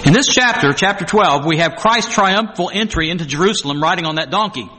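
Bright-voiced male preacher, emphatic. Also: high voice, lively intonation, a little fast, slight background noise. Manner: emphatic, repeats phrases for stress; acts out scripture quotes dramatically. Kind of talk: sermon.

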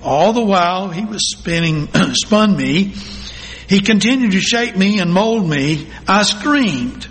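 A male pastor telling a story in a sermon, reading slowly and deliberately with dramatic pauses. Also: sits high, animated, fairly bright tone. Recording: long hall reverb.

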